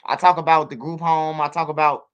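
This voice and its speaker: A man's voice: fairly high pitch, flat delivery, brisk, clear, resonant tone, muffled recording. A man hosting a casual livestream, emphatic, repeating himself and swearing freely. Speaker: streamer and channel host.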